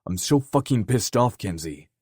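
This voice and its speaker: A male narrator playing a gruff, protective young man with a clipped way of speaking. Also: sits low, fairly even intonation, moderate pace, darkish tone, no echo, studio quality. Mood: furious.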